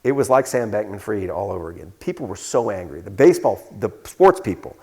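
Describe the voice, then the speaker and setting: A man's voice: lowish voice, animated, fairly quick, a little mellow, breathy edge. A man, an author, talking onstage in a live conversation, telling stories with many false starts and restarts. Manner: rambling storyteller with many restarts. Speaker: author answering questions.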